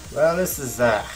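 A man giving animated let's-play commentary, yelping and talking back to the game's characters as he plays. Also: mid-range voice, gravelly. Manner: animated, yelps at game characters. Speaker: gaming YouTuber.

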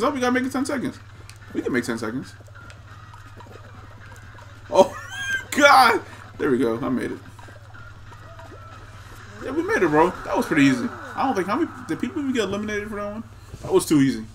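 A young man casually commenting on his own gameplay, excitable and trash-talking the other players. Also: sits high, a little hiss or hum. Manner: excitable, talks to himself and chat, trash-talks players. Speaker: gaming streamer.

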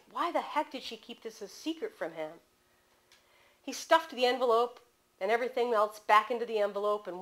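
A woman author reading aloud from her novel in a bookstore, measured and expressive. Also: medium pitch.

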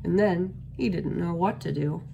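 A woman reading a children's picture book aloud as a storyteller, steady and expressive. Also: on the low side, measured pace, vocal fry, a little hiss or hum.

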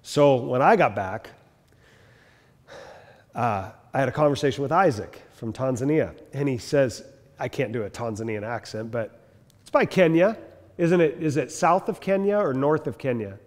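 A man's voice: medium pitch, expressive, normal speed, a little mellow. A man teaching a class, telling stories and mimicking the people in them. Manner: storytelling, mimics people in quotes. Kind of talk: animated classroom lecture with acted anecdotes. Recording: long hall reverb.

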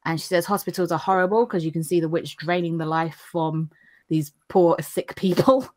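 A woman, recapping anime episodes in casual chat, chatty and quick to laugh. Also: lowish voice, fairly even intonation, a little mellow. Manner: chatty, laughs often, acts out lines in funny voices. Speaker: podcast co-host recapping anime.

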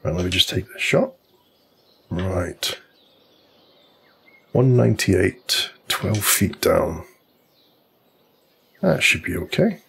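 A man's voice: low-pitched, sing-song, slow pace, gravelly, pauses often, fairly bright tone, husky. A man casually telling a long, rambling story while commenting on a golf video game. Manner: chatty storyteller, loose and informal, many restarts.

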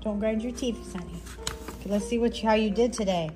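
A woman's voice: mid-range voice, fairly quick, music in the background. A mother chatting casually on a family vlog, doting and affectionate toward her son.

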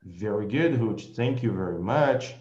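A male English teacher with a Brazilian Portuguese accent, leading an online group class slowly and patiently, repeating his praise. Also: fairly low pitch, expressive, a little mellow, reverberant, highs cut off.

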